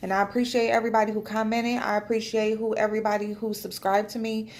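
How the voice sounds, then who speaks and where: A woman's voice: medium pitch, flat delivery, fast. Woman, 30s, loose emotional home vlogger, frank and profane. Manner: chatty, loose and emotional, swearing often, laughing. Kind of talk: casual chat to camera. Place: at home, indoors.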